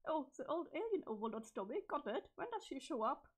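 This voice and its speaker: A woman's voice: high-pitched, very animated, brisk. A woman reading the part of an eager, adventurous teenage boy in a webcomic, with exclamatory, quirky old-fashioned slang and a strained voice. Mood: excited. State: strained, failing voice. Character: excitable adventurous teenage boy, easily awed. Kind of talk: reading a webcomic's chat logs aloud.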